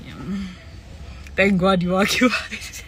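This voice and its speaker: A woman's voice: mid-range voice, fairly bright tone, slight background noise. A young woman from South Africa chatting casually, giggly and playful, laughing often. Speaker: reality TV personality. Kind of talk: casual chat.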